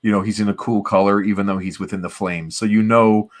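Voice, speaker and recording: A man's voice: fairly low pitch, steady tone, quick pace. A man co-hosting a comic book podcast, casually recapping the plot and now and then voicing the characters' lines. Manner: recaps the plot, dropping briefly into playful character voices. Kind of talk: casual chat reading comics aloud.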